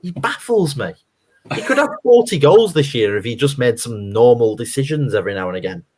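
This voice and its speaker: This is a man co-hosting a live football fan stream. He reacts excitedly to chances and passes, chatting casually with his co-hosts, and his voice sits at an ordinary middle pitch. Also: a little fast. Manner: excitable, reacting loudly to play. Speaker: co-host of fan watchalong. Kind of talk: live match commentary chat.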